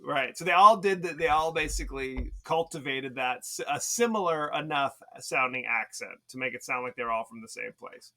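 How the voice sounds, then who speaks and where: Gravelly guy cohosting a podcast, lively up and down voice, chatty, steers the talk. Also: medium pitch, moderate pace, hardly any pauses. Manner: talkative, leads the segments, laughs often. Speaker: podcast co-host. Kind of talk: casual chat.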